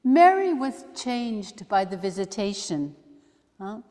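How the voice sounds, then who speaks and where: A woman, a religious sister, leading a study day, talking slowly and thoughtfully with soft asides as she reads aloud. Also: mid-range voice, very animated. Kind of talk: reflective teaching talk with readings. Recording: long hall reverb.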